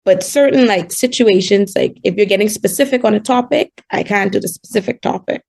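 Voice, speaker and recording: A woman in her twenties from the Bahamas with a Bahamian accent, chatting casually as a call-in guest and telling quick stories with laughs. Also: medium pitch, gravelly, darkish tone. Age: 20s. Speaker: guest calling in. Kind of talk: casual chat.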